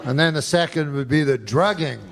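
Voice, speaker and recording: A man performing a stand-up routine on a comedy club stage, rambling slowly and swearing crudely. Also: fairly high pitch. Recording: noisy live club recording.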